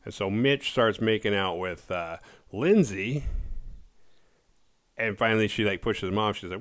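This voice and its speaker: A man casually recapping a horror movie's plot, laid-back and profane, slipping into quick voices for the characters. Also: on the low side, dry recording, clean studio sound.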